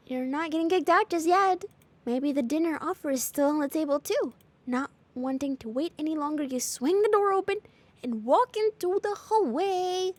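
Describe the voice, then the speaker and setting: A woman streamer reading a story game aloud, breaking off into playful, expressive reactions and jokes about her own reading. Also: high voice, normal speed.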